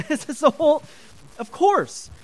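A man preaching a sermon to a congregation, animated, often asking the listeners questions and chatting with them. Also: very high voice, measured pace, low-quality recording. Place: church before a congregation.

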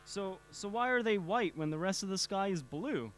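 Man reads curious small boy, plain read-aloud delivery, slightly high voice. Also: animated, normal speed, a bit bright, slight background noise. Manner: reading a comic aloud. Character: curious young boy asking questions.

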